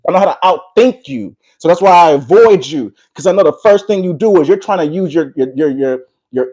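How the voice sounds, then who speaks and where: Male commentary vlogger, slightly high-pitched, heated and sermon-like, mixing ad-lib with read script. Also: a little mellow. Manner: preachy, combative, repeats "all right". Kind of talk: confrontational monologue mixed with reading prepared text.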